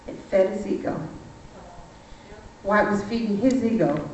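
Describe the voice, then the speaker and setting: A woman giving a lively, emphatic sermon testimony, telling a personal story in a church. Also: medium pitch, moderate pace, a little hiss or hum. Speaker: speaker. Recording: far-off echoey church hall, muffled.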